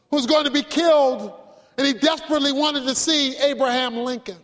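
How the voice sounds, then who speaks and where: A man preaching a sermon, emphatic, with dramatic pauses and vivid stories. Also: very high voice, a bit bright, in a large hall. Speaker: pastor.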